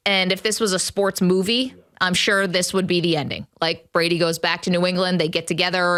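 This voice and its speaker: A woman's voice: fairly low pitch, fairly bright tone. A woman co-hosting a sports talk show from a studio, making opinionated, emphatic football takes with frequent laughter. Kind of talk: casual sports debate.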